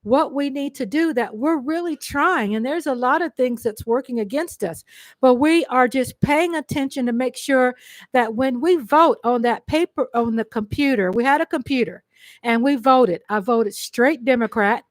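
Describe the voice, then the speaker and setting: A grandmother from Texas, chatting effusively on her live stream and breaking into excited squeals. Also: high voice, moderate pace, dry recording. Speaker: livestream host. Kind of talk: casual live-stream chat.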